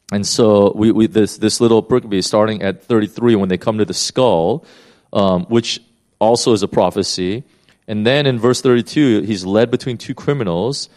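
A middle-aged man, a pastor, preaching in a conversational and animated way, acting out the people in the story he tells. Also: mid-range voice. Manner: conversational, animated retelling with acted quotes. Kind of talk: sermon.

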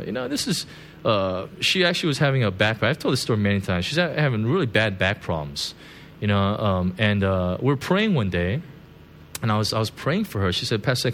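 A man's voice: medium pitch, a bit bright, a little hiss or hum. A man preaching a conversational sermon as a pastor. He tells stories, laughs at his own jokes and keeps checking in with "right?" and "you know". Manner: chatty, constant "right?" and "you know" asides.

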